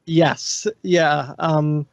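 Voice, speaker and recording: A man's voice: on the high side, steady tone, very slow, gravelly, no room sound, lo-fi sound. Laughing, storytelling man on a podcast. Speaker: podcast guest, prank caller. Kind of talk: casual podcast chat.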